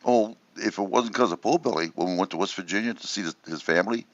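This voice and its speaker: A man's voice: fairly low pitch, fast talker, no echo. A man telling rambling, profane stories in a casual chat about his days in the service. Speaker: veteran storyteller. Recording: dull dry lo-fi sound.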